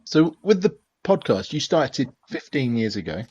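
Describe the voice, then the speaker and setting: Guy hosting the interview, curious questions, pitch bouncing around a lot, dry sound. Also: sing-song, normal speed, darkish tone, slightly rough, dry recording. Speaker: interview host.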